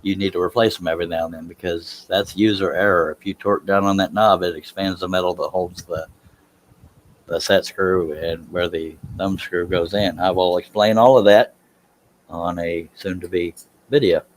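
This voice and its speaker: Man, very low voice, casual live-stream chat, rambling, self-deprecating, home workshop. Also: fairly even intonation, normal speed, slight background noise. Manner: chatty, rambling, self-deprecating, laughs at himself.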